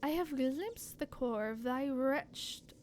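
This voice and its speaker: A woman's voice: high voice, darkish tone, slight background noise. A woman doing an ancient solemn godlike being. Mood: grave. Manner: archaic, slow and solemn.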